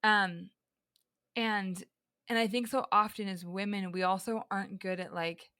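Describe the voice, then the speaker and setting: A woman's voice: medium pitch, steady tone, measured pace, pushed and bright, no echo, clean studio sound. A young woman talking earnestly and reflectively in a casual podcast conversation, with frequent fillers and restarts.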